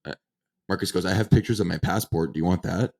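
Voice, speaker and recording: A man's voice: deep voice, fast, vocal fry. A man of twenty-five, a podcast co-host, telling a story in casual chat and acting out the people in it. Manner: animated anecdote-telling, acts out quoted dialogue.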